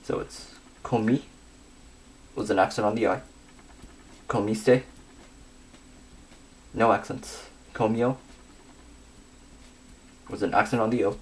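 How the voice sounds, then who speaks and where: A young man giving a scripted grammar lesson, working through verb endings slowly and methodically. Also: fairly low pitch, fairly even intonation. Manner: methodical, reads conjugations slowly with pauses.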